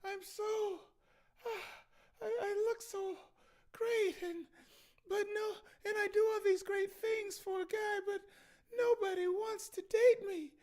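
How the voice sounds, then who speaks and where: A man putting on a high, whiny falsetto to play a self-pitying young woman, his voice sighing and cracking. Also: fairly even intonation, takes it slowly, darkish tone, heavily acted.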